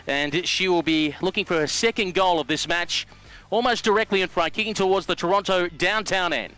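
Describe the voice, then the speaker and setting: Male co-commentator, dry humor, clear and bright-toned. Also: a little high, fairly quick, low-quality recording. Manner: dry, teasing asides mixed with player background. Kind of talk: live sports commentary.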